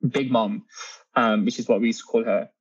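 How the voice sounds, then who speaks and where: An earnest young man speaks as an interview guest, pausing and restarting as he talks. His voice comes through a dull, muffled line. The room around him sounds dry and close. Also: lowish voice, little pitch movement, no echo. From Britain. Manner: earnest, halting, with frequent ums and restarts. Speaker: author and guest. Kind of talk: candid interview conversation.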